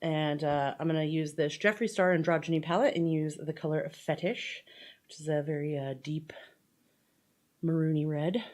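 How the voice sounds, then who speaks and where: A woman's voice: low-pitched, steady tone, normal speed, darkish tone. A woman chatting casually through a makeup tutorial, rambling with lots of fillers and playful asides. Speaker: makeup vlogger.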